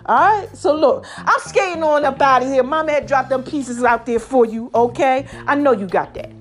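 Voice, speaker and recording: A woman hosting a podcast with a raspy, slightly hoarse voice, preaching casually and calling her listeners "baby" and "y'all". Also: moderate pace, soft background music. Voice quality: raspy, deeper than usual. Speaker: podcast host. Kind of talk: casual motivational podcast monologue.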